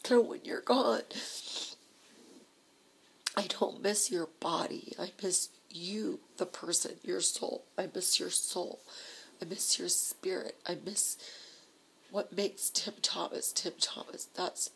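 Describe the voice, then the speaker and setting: Soft-spoken woman with a gravelly edge. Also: lowish voice, level tone, slow, low-quality recording. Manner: soft and intimate, often drifting into a breathy half-whisper. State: tearful. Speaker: vlogger. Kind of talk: personal video letter to her husband.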